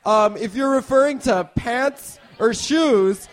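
A man's voice: extremely high pitch, slow. A man playing an earnest, upbeat male fashion mentor in a comedy sketch interview, giving confident, rambling advice.

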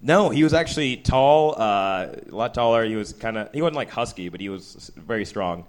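Lively young man telling stand-up jokes. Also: fairly low pitch, brisk. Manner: lively, jumping into silly voices. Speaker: stand-up comedian. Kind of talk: stand-up set and interview.

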